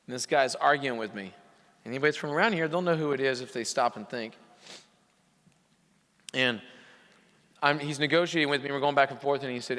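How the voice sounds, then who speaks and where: A man's voice: mid-range voice, a little fast, pauses often, fairly bright tone. A man coaching repair shop owners in a motivational speech to a live audience, impassioned, pushing into emphatic peaks. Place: conference hall. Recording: hall reverb from a live venue.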